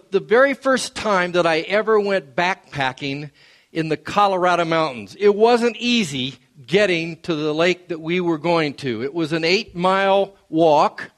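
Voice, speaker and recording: High-voiced pastor preaching casually. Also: male voice. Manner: conversational, with filler words and restarts, bursts into loud exclamations. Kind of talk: sermon.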